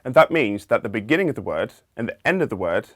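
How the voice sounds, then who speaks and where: A man with a fairly low voice walks through a linguistics lesson in a measured, explanatory way, pausing here and there with small fillers. The sound is dry and close, with no room around it. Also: sing-song, dry recording. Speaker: linguistics lecturer. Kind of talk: explanatory video lecture.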